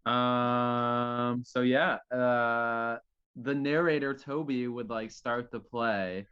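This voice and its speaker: A man's voice: mid-range voice, fairly even intonation, extremely slow, a bit bright, clean tone, lo-fi sound. A man telling a tabletop campaign tale, rambling with many fillers between storybook narration. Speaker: player reading a prepared story. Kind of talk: casual tabletop game chat and storybook narration.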